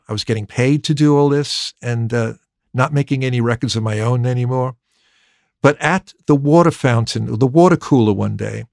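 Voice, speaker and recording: A man's voice: mid-range voice, vocal fry, dry recording, studio quality. A man, a record producer, telling a long anecdote in conversation, acting out remembered dialogue with frequent restarts and repeated words. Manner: lively, acts out remembered dialogue.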